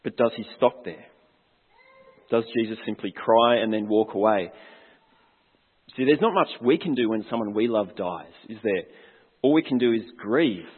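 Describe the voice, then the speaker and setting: Husky pastor preaching in echoing hall. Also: male voice, fairly low pitch, animated, moderate pace, long pauses. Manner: asks the congregation questions, earnest and reflective. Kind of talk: sermon. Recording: long hall reverb, tinny phone-like sound.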